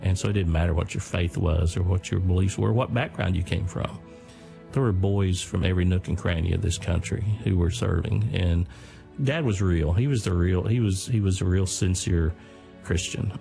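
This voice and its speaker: Older man with a low, gravelly voice. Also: moderate pace, mellow, soft background music. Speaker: speaker telling his father's war story. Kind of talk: storytelling talk.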